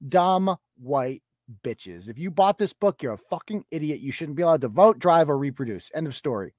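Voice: medium pitch, animated, moderate pace, a little mellow, dry recording, clean studio sound. A podcast host delivering a profane, mocking rant as commentary. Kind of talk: ranting commentary.

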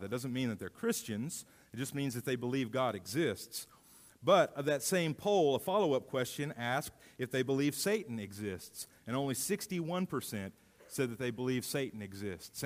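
A man preaches with earnest emphasis, his mouth dry from allergy medicine. His voice sits at an ordinary middle pitch. It rings with the long reverb of a church hall. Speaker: pastor. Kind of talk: sermon with scripture reading.

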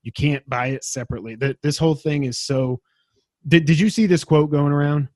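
A man's voice: on the high side, brisk, darkish tone, dry recording. A man hosting a casual gaming news podcast, rambling and enthusiastic, poking fun at himself. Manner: enthusiastic, rambling, self-deprecating. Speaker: podcast host.

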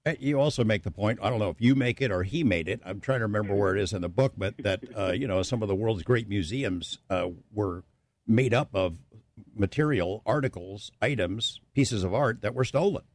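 A man's voice: fairly low pitch, brisk, a little mellow, no echo. A man hosting a radio interview, asking long, winding questions with fillers. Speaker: radio show host.

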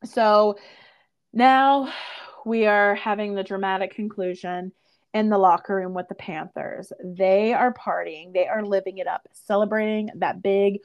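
A young woman casually recapping a TV episode on a podcast, animated and acting out the characters' lines with lots of "like". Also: medium pitch, measured pace, dull audio. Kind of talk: casual chat.

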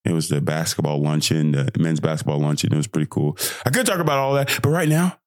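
Hoarse young man, solo podcast host, deep voice, dry close sound, swings between hyped yelling and quiet talk. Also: fast talker, no room sound. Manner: excitable, swings from hyped shouting to quiet reflection. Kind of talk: casual solo podcast monologue.

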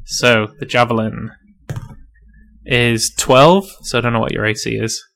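Bright-voiced man running a tabletop game. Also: mid-range voice, a little slow, vocal fry. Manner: relaxed, filler-heavy, laughs often. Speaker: game master.

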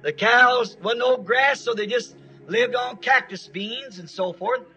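Folksy male preacher from Arizona who tells stories; high, bright voice. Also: measured pace, husky, lo-fi sound, faint music behind. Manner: folksy, plain-spoken, homespun grammar. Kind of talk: storytelling sermon.

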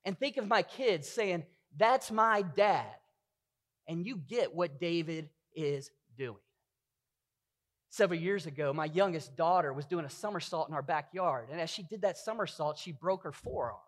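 A man's voice: a little high, lively intonation, normal speed. A middle-aged man preaching a sermon as pastor, earnest and full of rhetorical questions.

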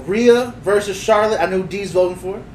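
Higher-voiced man in an echoey room. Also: fairly quick, a little mellow. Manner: laid-back, leads the segments, laughs often. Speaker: podcast co-host. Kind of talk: casual chat. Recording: roomy echo, distant mic, faint noise.

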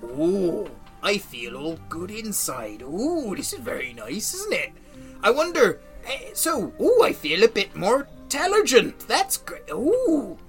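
A woman's voice: mid-range voice, sing-song, takes it slowly, soft background music, voice pushed up. A woman voicing an overly friendly, chatty male farmer who rambles and stumbles over his words. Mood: delighted.

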